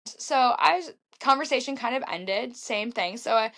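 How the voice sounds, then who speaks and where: A woman in her thirties, a podcast guest telling a story in casual chat, acting out her own quotes with big jumps in pitch. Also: lively intonation, measured pace, a bit bright. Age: 30s. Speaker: podcast guest, marathon runner.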